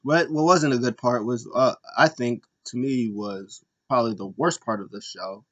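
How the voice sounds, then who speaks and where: A man's voice: mid-range voice, normal speed, dull audio. A man hosting a casual wrestling recap show, rambling with lots of fillers and restarts, acting out bits of what he watched. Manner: rambling, animated retellings with frequent fillers and restarts. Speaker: podcast host.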